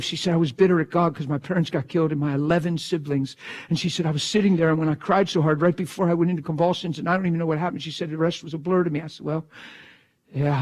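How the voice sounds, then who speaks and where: Male preacher, husky, higher-pitched, hushed storytelling, sudden shouted bursts. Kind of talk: sermon storytelling.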